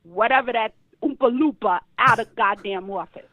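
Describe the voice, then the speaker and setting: A woman's voice: a little high, moderate pace, no echo. A woman with a New York accent calling in to a talk show, blunt and teasing in casual chat. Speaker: caller. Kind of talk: casual phone call-in chat. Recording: muffled phone-line audio, dry.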